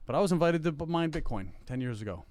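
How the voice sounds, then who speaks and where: A middle-aged man talking casually on a podcast, his voice smooth and resonant. The sound is dry and close, with no room echo. He rambles, stacking fillers and restarting his sentences. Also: on the high side, lively intonation, quick pace, a little mellow. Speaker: podcast co-host. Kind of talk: casual chat.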